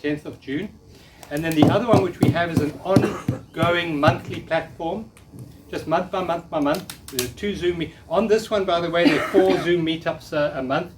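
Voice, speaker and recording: Man, 50s, workshop speaker, earnest and coaxing, slightly high voice, distant mic. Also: moderate pace, heavy background noise. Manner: earnest, coaxing, leads audience call-and-response. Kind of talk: live spiritual talk to an audience. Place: room with a live audience.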